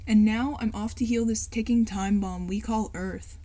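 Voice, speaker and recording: A woman's voice: mid-range voice, steady tone, moderate pace, dark tone, natural voice. A woman voicing a solemn, gloomy teenage girl activist in an earnest, somber delivery.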